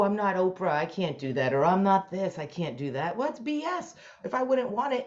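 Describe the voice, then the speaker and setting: A woman co-hosting a casual chat as a mindset coach, talking in a lively, folksy way with big swoops in pitch, over a video call. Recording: dull lo-fi video call audio.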